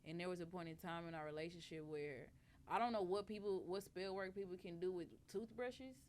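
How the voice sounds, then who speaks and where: A woman telling a story in casual chat on a podcast, animated and profane, acting out the lines she quotes. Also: on the low side, fairly quick, slight background noise. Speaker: podcast guest.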